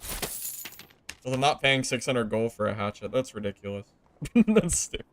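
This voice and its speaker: A young man streaming a video game, chatting casually to viewers, jumping from excited outbursts to low, deflated grumbling. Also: normal speed, slight background noise. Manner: swings from excited yelling to mumbled, deflated grumbling. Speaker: gaming streamer. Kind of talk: casual gameplay commentary.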